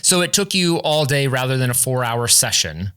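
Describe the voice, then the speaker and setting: A man's voice: mid-range voice, sing-song, moderate pace, fairly bright tone, smooth. A man hosting a casual interview, chatty and friendly, often laughing between points. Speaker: podcast host.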